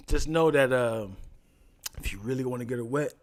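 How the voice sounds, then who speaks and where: A young man telling stories in casual chat, animated, often jumping into high voices for people in his stories. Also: normal speed. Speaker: podcast guest telling stories.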